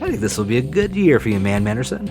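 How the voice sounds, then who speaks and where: A man's voice: mid-range voice, very animated, fast talker, gravelly, over music. A man voicing a drowsy, polite male bird teacher in a dating-sim game. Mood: mild.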